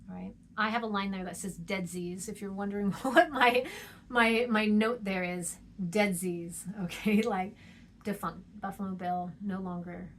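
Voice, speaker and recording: A woman's voice: mid-range voice, a little hiss or hum. A woman teaching a poetry lesson, chatty, checking in with "okay?" and "right?", and sounding out rhythms with playful noises.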